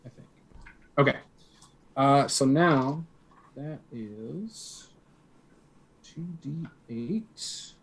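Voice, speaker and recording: This player speaks very slowly in a medium pitch, leaving long pauses, and the recording is very noisy. He's in a tabletop game being streamed, tentatively reasoning through his turn aloud.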